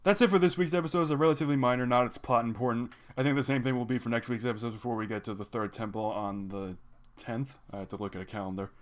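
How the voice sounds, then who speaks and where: A man giving a casual, rambling recap of an animated episode, with many "like" and "you know" fillers. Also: mid-range voice, fast. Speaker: video reviewer.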